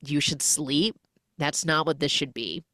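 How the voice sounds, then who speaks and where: A calm young man speaks soft, reassuring words. A woman retelling the film plays him in her own low voice, dry and close to the mic. It is lightly acted rather than a full character voice. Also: measured pace, no echo. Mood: soothing.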